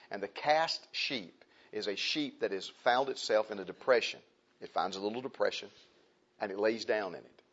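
A Baptist pastor preaching a sermon in a church, repeating phrases and asking the congregation questions. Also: male voice, lowish voice. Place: church sanctuary. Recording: dull lo-fi church recording.

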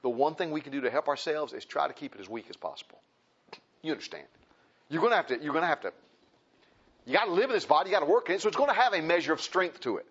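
A man preaching a sermon in a folksy, impassioned way. He repeats phrases and swings between loud and soft. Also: fairly high pitch, expressive, rapid-fire, breathy edge, highs cut off.

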